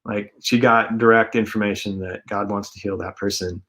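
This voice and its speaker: A man's voice: lowish voice, steady tone, moderate pace, a bit bright. A man co-hosting a casual faith talk show, speaking earnestly and rambling with many fillers. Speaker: co-host.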